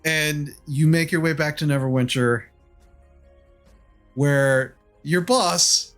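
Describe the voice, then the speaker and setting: A man narrating as game master of a tabletop game, relaxed with many fillers. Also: a little high, slow pace, soft background music.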